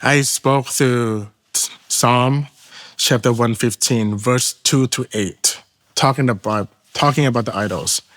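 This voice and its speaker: A man with a Thai accent speaks at a mid-range, ordinary pitch. His English is halting, with restarts along the way, and he sounds earnest as he tells a personal testimony, stepping into the other people's voices to act out the dialogue. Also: fairly bright tone. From Thailand. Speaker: testimony guest.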